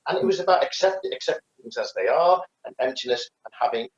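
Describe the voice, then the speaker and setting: Rambling man, lively pitch, echoey. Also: fast. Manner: rambling, many restarts and fillers. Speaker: podcast co-host, karate teacher. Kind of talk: casual chat. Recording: echoey, dull lo-fi sound.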